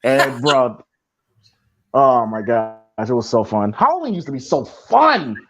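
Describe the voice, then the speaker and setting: A man's voice: mid-range voice, very animated, normal speed, a bit bright. A man co-hosting a casual movie commentary podcast, rambling with many restarts and fillers. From Iowa, US. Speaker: podcast co-host. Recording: dull lo-fi sound.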